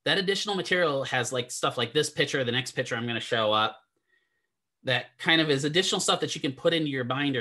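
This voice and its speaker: A man's voice: medium pitch, animated, fast, pushed and bright. A man teaching a classroom lecture in a chatty, digressive way, often asking the students questions. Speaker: physical therapy instructor.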